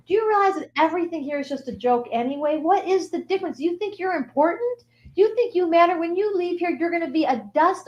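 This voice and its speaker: A woman's voice: high-pitched, pitched above the performer's own voice. A woman voicing a preachy Indian-accented guru with an Indian accent, making grand claims that nothing matters. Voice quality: preachy, sweeping pronouncements. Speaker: comedic character performer. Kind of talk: improv comedy character.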